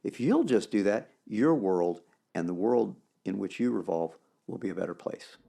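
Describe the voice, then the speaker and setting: A man co-hosts a faith podcast in a casual, animated way. His pitch leaps all over as he makes his points. His voice is gravelly and dark, and he often quotes scripture. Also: normal speed. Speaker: podcast co-host.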